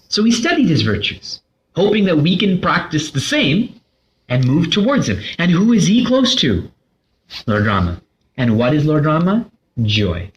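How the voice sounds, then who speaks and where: A man gives a spiritual talk in an engaging, conversational way. He poses questions and answers them himself, with a playful touch. The recording sounds a little dull and lo-fi. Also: on the high side. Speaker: spiritual teacher.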